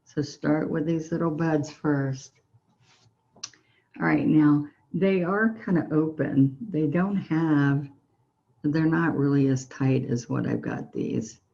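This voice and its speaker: A woman with a soft Southern US accent leads a relaxed painting tutorial, talking slowly and evenly as she walks through each brushstroke. Her voice is mellow and warm, gentle and encouraging. The recording sounds a little dull and muffled. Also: low-pitched, vocal fry. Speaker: painting instructor.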